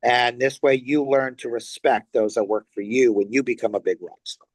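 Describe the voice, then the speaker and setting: A man's voice: medium pitch, normal speed. A middle-aged man from Los Angeles, a guest musician telling stories in a casual interview, acting out quotes and swearing freely. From Los Angeles, USA. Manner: animated storyteller, acts out quotes, swears freely.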